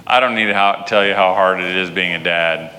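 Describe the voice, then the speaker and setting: A middle-aged man telling a family story in a sermon, animated, his voice climbing high when he gets worked up. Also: a little fast, long reverb tail. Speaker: speaker at church.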